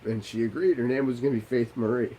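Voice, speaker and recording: A man's voice: mid-range voice, fairly even intonation, fast, dark tone, slight background noise, poor audio. A young man, a Navy veteran, telling his own story in a candid monologue. He talks bluntly, swears freely and often restarts his sentences.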